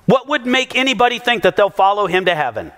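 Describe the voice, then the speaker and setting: A man preaching a sermon as pastor, an animated storyteller who acts out the quotes he tells. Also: high voice, quick pace. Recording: long hall reverb.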